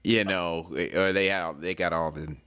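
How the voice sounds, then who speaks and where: Middle-aged male co-host, lowish, bright and clear; lively storyteller who acts out the voices. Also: normal speed. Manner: drawling, animated storyteller acting out quotes. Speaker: podcast co-host. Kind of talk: casual storytelling chat.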